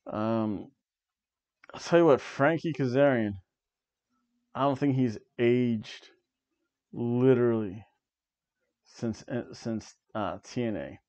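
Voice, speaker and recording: A man's voice: medium pitch, takes it slowly, long pauses, darkish tone. A man in his forties casually reviewing wrestling from his seat, chatty and drifting off into tangents. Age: 40s. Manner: chatty, jumps between tangents, frequent asides. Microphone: webcam while seated.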